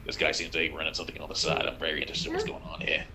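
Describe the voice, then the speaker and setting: A man player in a tabletop game, talking to his pet and other figures in a friendly, relaxed way. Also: a bass voice, racing, slight background noise. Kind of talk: casual role-play.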